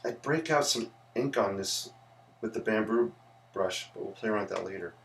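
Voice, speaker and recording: A man's voice: lowish voice, moderate pace, vocal fry, a little hiss or hum. A man, an architect who teaches, chatting casually with viewers on a livestream while he sketches. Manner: chatty, greets viewers, rambling asides.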